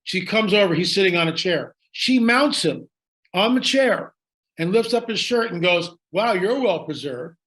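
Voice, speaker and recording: A man's voice: high-pitched, normal speed, pushed and bright. A man telling a story in conversation, emphatic and dramatic, repeating lines for effect. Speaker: guest storyteller.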